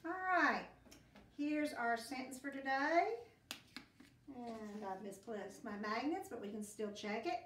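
A woman's voice: fairly high pitch, lively intonation, unhurried, fairly bright tone. A woman teacher giving a phonics lesson to young children, patiently sounding out words in chunks. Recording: roomy, distant classroom recording with faint hiss.

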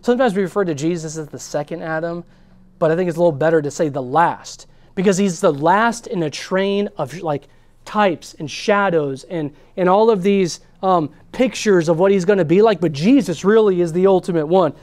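A man preaching a sermon in an earnest style, his voice rising on key words and dropping to a hush. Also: high-pitched, normal speed, no room sound. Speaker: pastor.

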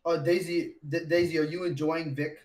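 A man hosting a streamed dating show, making quick, teasing announcements in casual talk. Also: a little high, level tone, a little mellow. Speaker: show host. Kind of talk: casual chat. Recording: faint background noise.

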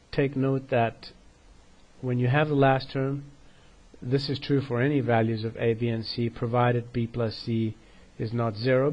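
On a lo-fi recording, a mid-range male voice lectures for his math video channel in a combative, scornful manner. Breathless, he frequently checks in with "okay?" throughout this lecture-style commentary.

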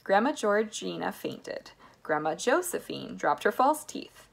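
A woman's voice: medium pitch, measured pace, gravelly, breathy edge. Woman reading a storybook aloud. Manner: expressive, animated reading. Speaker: reader. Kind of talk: storybook narration.

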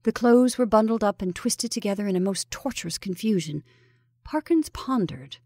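A woman storyteller reading a ghost story aloud with measured, even narration. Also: mid-range voice, no echo, studio quality.

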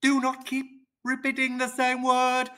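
A performer voicing a cheerful, confident teacher character who coaches children on speaking, in slow, deliberate, teacherly roleplay. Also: high-pitched, monotone, fairly bright tone. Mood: upbeat.

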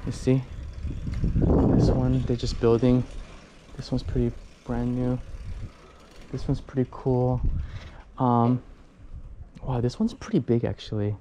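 Riding a bicycle outside, this American man talks slowly in a steady, medium-pitched voice, leaving long pauses. His casual vlog chat rambles with fillers and restarts, and he sounds slightly winded over the background noise.

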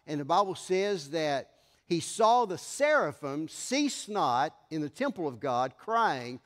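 A man pastor preaching an emphatic sermon in a church sanctuary, his voice swelling to loud declarations. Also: on the high side, very animated, slow, in a large hall.

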